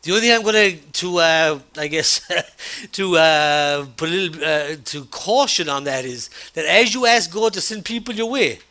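A man preaching a sermon, talking conversationally through a personal story, with frequent restarts and an animated retelling of dialogue. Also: a little high, moderate pace. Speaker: pastor.

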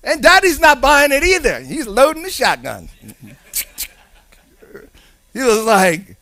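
High-voiced preacher with a sing-song lilt. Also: male voice, slow, no echo. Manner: animated, swings from hushed to loud, sing-song emphasis. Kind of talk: sermon.

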